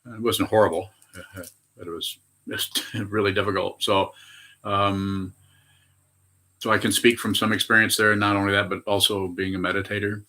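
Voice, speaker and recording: A man's voice: on the low side, flat delivery, normal speed, pushed and bright. A man in his eighties, a Buddhist meditation teacher, giving a rambling dharma talk full of hesitations and self-corrections. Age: 80s. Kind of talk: dharma talk answering questions.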